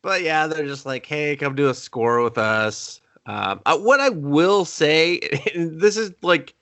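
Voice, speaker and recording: A man's voice: on the high side, takes it slowly, a bit bright. A man co-hosting a casual movie review podcast, joking with lots of swearing and mocking the characters' lines in silly voices. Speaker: podcast co-host.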